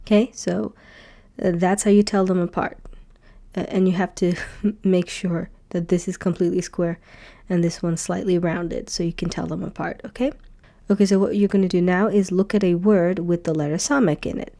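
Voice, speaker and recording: A woman with a mellow, slightly low voice talks through a beginner lesson. She is patient and repeats each sound slowly so learners can follow. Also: steady tone, creaky. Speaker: Hebrew teacher.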